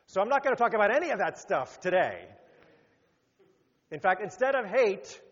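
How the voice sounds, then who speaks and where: A rabbi giving a sermon, animated, rising to emphatic peaks and then dropping low. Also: male voice, normal speed, breathy edge. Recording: muffled sound with long hall reverb.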